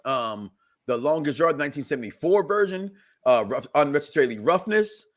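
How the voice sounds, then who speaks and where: A man's voice: a little high, lively intonation, a little fast. A man in his forties hosting a casual podcast chat, rambling and laughing often. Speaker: host.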